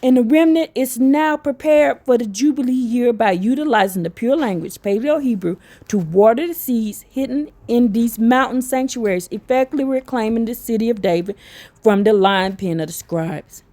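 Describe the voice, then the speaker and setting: A woman giving a religious teaching, reading text aloud and breaking into excited asides to her listeners. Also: on the high side, normal speed.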